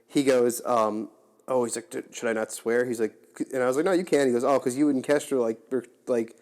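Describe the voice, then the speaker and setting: A man's voice: medium pitch, fairly even intonation, fairly quick, darkish tone. A young man hosting a casual podcast chat, rambling with lots of fillers and restarts. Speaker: podcast host.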